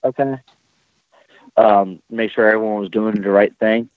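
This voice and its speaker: A man tells swearing-laden army stories on a casual podcast. His middle-pitched voice comes through a tinny online call line, dry with no room sound. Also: a little slow, no echo. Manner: profane, animated anecdote telling. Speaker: podcast host, military veteran. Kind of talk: casual storytelling chat.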